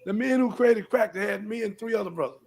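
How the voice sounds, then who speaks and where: On the live show he hosts, an older man from Houston, Texas, pleads with young people to stop the violence, repeating himself and rising into pleading questions in a preachy way. His high voice is gravelly and slightly rough, and he speaks at a quick pace.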